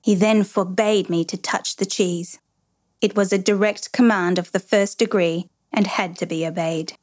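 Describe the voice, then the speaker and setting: A woman narrating a first-person children's story aloud, expressive and lively. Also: medium pitch, moderate pace. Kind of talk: storybook reading.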